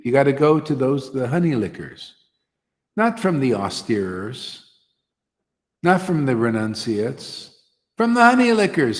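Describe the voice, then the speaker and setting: Rambling high-voiced male preacher. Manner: rambling, slangy, repeats and stumbles. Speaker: spiritual teacher. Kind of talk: informal devotional sermon. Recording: long hall reverb.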